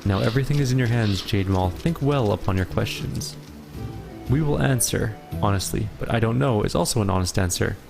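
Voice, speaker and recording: A man voicing a playful, ancient fey gnome host in a video game playthrough, speaking in a measured, formal, riddling way. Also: fairly low pitch, vocal fry. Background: game music.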